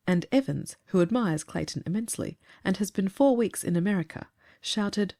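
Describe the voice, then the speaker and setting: A woman narrating a classic story in a composed, even reading. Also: on the low side, normal speed.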